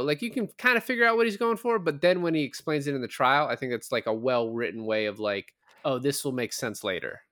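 A man's voice: medium pitch, a little fast, fairly bright tone, no echo, clean studio sound. A man co-hosting a podcast, casually retelling movie scenes and explaining legal details, swearing now and then. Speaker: podcast co-host, lawyer.

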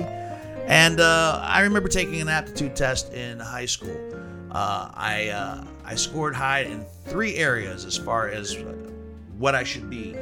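A man hosting a casual podcast chat over whiskey, with a lively, playful showman's delivery. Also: medium pitch, measured pace, over music. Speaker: podcast host.

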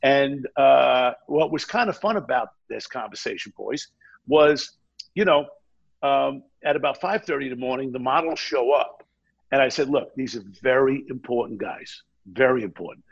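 Man, gravelly husky voice, lively anecdote, quotes people mid-story, lo-fi sound. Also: medium pitch, normal speed. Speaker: guest. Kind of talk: casual storytelling.

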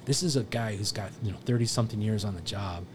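Guest on a podcast: low-pitched man, casual and profane, rambling anecdotes, faint noise behind. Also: quick pace. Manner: rambling, profane storytelling with quoted voices. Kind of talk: casual chat.

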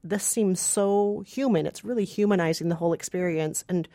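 A woman's voice: on the low side, moderate pace, dark tone, no echo. Woman, co-host, earnest, pleading, film review chat, dry studio sound.

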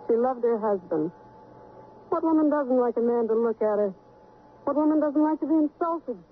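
Brisk sardonic salon owner, highish voice, tinny old radio. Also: female voice, expressive, breathy edge. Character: brusque, sardonic woman beauty parlor owner. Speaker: beauty parlor owner. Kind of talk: 1950s radio drama acting.

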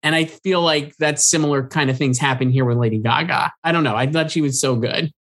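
A man's voice: fairly high pitch, brisk, a bit bright. A man co-hosting a casual film awards podcast, talking loosely with lots of filler words and restarts. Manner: chatty, full of "like" fillers and restarts. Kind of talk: casual chat.

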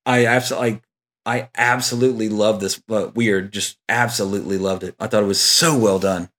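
A man's voice: lowish voice, steady tone, moderate pace, a bit bright. A man hosting a casual movie podcast, talking in a rambling way with many fillers and restarts, reading listener emails aloud. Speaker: podcast host.

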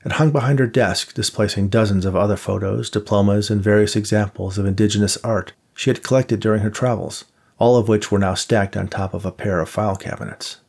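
A man narrates an audiobook in a measured, even way. His voice sits low and carries a gravelly, husky grain. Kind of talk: scripted narration.

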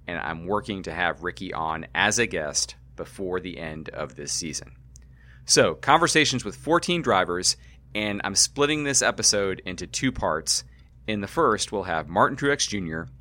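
Male podcast host, bright, slightly low voice, measured conversational delivery. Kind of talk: podcast intro and interview.

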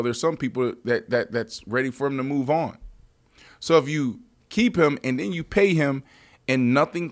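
A man hosting a casual sports podcast, talking in an animated, emphatic way and often restarting his sentences. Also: a little high. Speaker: podcast host.

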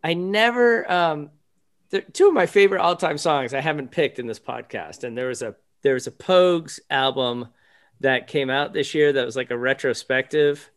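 A man co-hosting a podcast in casual chat, chuckling and halting, with quick interjections. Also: fairly high pitch, smooth. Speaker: podcast co-host.

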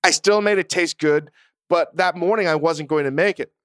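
Smooth-voiced man, blunt and profane. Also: on the high side, normal speed, fairly bright tone, no echo, studio quality. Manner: blunt, profane, self-mocking. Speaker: podcast co-host. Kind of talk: casual chat.

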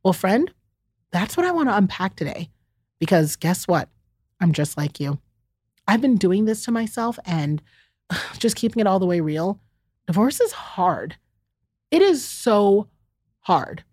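A woman's voice: medium pitch, big pitch swings, normal speed, long pauses, slightly rough, no echo, studio quality. A middle-aged woman, hosting a heartfelt solo chat and speaking candidly and directly to her listeners. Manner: warm, candid, talks straight to the listener as "friend" and "y'all". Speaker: podcast host.

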